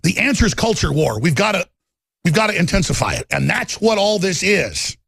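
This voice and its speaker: A man giving a fervent, combative political rant in a gravelly voice. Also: sits high, wildly swooping pitch, a little fast, fairly bright tone, dry recording. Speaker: political commentator.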